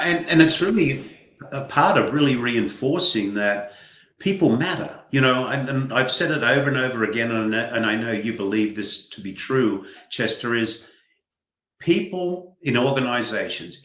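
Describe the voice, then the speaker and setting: A man's voice: mid-range voice, a bit bright. An older man with an Australian accent, a guest author speaking earnestly in a livestream interview. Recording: roomy echo.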